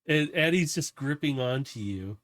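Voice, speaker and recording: Man game master, loose rambling narration, dry close sound, middle pitch. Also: animated, moderate pace, fairly bright tone, dry recording.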